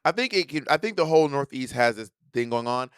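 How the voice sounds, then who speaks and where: A man's voice: medium pitch, lively intonation, fast talker, clean tone, dry recording, clean studio sound. A man from the Atlanta area co-hosting a casual podcast over a video call, talking playfully and mimicking accents. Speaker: podcast co-host. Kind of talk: casual chat.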